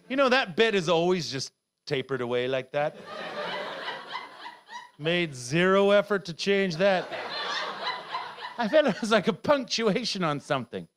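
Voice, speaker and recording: A middle-aged man performing a rambling, self-heckling stand-up set, now and then bursting into shouts. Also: a little high, background noise. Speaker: stand-up comedian.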